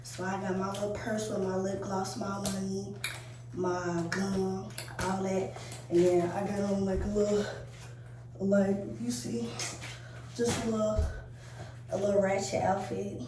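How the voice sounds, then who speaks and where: A woman's voice: medium pitch, level tone, unhurried. A young woman making a casual prank vlog in a car, talking back in a sassy, teasing way. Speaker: vlogger. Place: inside a car. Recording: echoey, distant, loud road noise.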